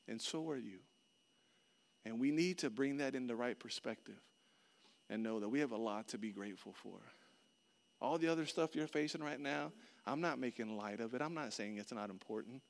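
A man preaching a sermon, telling a personal story with lively swings between loud outbursts and hushed, earnest passages. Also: medium pitch, normal speed, vocal fry. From Florida. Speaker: pastor.

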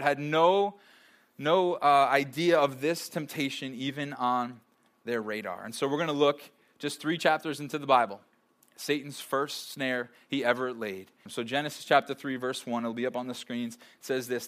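A man preaching a sermon to a live church audience, reading scripture and joking with the crowd, often breaking into loud, lively bursts. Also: medium pitch, fairly quick.

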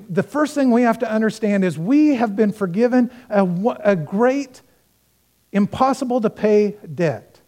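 A male pastor preaching a sermon, telling a parable with acted-out dialogue and speaking earnestly and directly to the congregation. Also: sits high. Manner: storytelling with acted-out dialogue, swinging between loud and hushed.

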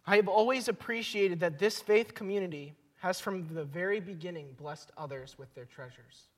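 A pastor delivers a conversational sermon, telling stories and pausing to let points land. His voice sits noticeably high for a man. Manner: storytelling, conversational, pauses for emphasis.

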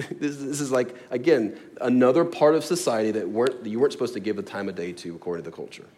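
A man's voice: medium pitch, fast, dark tone. A man preaching a sermon in a church, conversational and prone to laughing, building to emphatic passages. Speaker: pastor. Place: church sanctuary.

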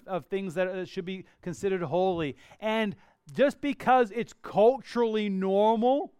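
A man preaching a sermon in a conversational, animated way, acting out little asides. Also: high-pitched, smooth, dry recording, studio quality. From Australia. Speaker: pastor.

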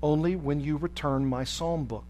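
A man's voice: on the high side, steady tone, normal speed, a little mellow, a little hiss or hum, lightly acted. A man voicing a defiant imprisoned man who insists on getting his book back. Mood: firm. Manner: stubborn, insistent.

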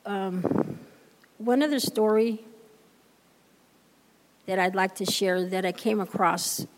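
A woman's voice: mid-range voice, slow, slight background noise. A woman giving a heartfelt church lesson on a handheld microphone, telling stories with emphatic repeated phrases. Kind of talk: heartfelt sermon-style storytelling. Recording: long hall reverb.

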